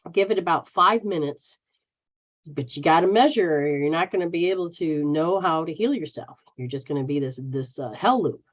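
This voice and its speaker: An American woman hosting a live stream as a spiritual healer, talking bluntly and casually and swearing freely as she answers viewers. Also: low voice. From United States. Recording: dull lo-fi stream audio.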